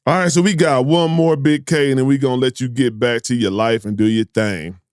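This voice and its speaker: A man hosting a casual comedy podcast, telling animated, profane stories and breaking into laughter. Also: medium pitch, brisk, smooth, no room sound, studio quality. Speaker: podcast host.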